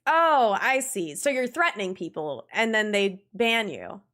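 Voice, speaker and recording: A young adult woman streaming a game and chatting casually with her viewers, animated and quick to laugh, swearing freely. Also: medium pitch. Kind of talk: casual live-stream chat.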